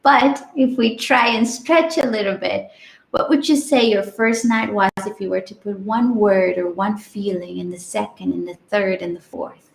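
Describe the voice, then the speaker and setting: Gentle affirming female host, gravelly. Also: medium pitch, moderate pace, reverberant, low-quality recording. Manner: gentle, affirming, soft backchannels. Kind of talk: interviewing and reading viewer comments.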